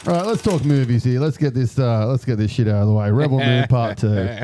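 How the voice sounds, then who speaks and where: A man co-hosts a podcast in a mellow, darker voice. He is blunt and dismissive and swears freely. The recording is dry and close. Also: mid-range voice, a little fast, dry recording. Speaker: podcast co-host. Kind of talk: casual chat.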